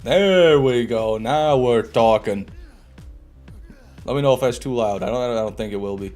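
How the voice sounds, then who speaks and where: Male streamer, mid-pitched, jokey live commentary, laughs a lot, faint game music under him. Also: moderate pace, darkish tone. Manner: joking, laughs often, restarts phrases. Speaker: gaming streamer.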